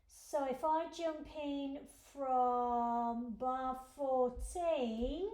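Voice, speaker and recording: High-voiced, unhurried woman piano teacher. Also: warm tone. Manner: patient, explaining step by step. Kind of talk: instructional lesson. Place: room with a piano. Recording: roomy echo with faint piano.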